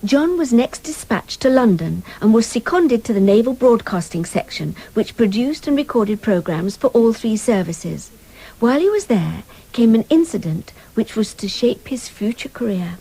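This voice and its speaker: Mellow woman narrating a radio tribute. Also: on the high side, very animated, moderate pace, breathy edge, low-quality recording. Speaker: presenter.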